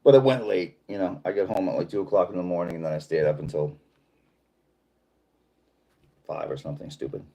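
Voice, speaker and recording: A man's voice: low-pitched, brisk, creaky, long pauses, mellow, breathy edge. A middle-aged man from Boston with a Boston accent, hosting a casual livestream and reading viewer comments in a rambling, laid-back way. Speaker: livestream host.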